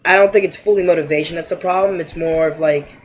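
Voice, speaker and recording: A man's voice: on the high side, steady tone, fast, a little hiss or hum. A man streaming a game and chatting casually, talking in a hesitant, rambling way with lots of fillers. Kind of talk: casual chat while gaming.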